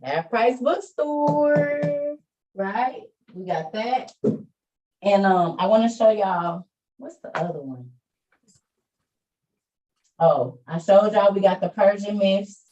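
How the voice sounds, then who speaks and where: A woman's voice: medium pitch, slow pace, pauses often, mellow, far from the mic, muffled recording. A woman hosting an online meeting, chatting casually with listeners and encouraging them about faith. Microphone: video call.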